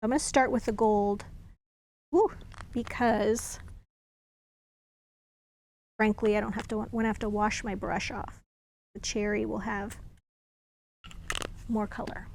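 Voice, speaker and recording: A woman's voice: mid-range voice, steady tone, slow pace, pauses often, darkish tone, a little hiss or hum. A woman demonstrating card making in a casual crafting tutorial, chatting and thinking aloud as she works. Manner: chatty, talks while working, thinks aloud.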